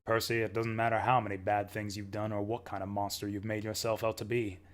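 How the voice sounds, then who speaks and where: A man voicing a principled sheriff who lectures a defeated outlaw in a low, measured tone, reading video game dialogue aloud. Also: little pitch movement, lightly acted. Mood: stern.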